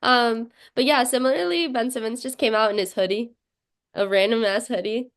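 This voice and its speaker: A woman's voice: fairly high pitch, normal speed. A young woman co-hosting a sibling podcast, chatting casually about basketball and laughing through her stories. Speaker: podcast co-host. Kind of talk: casual sports chat.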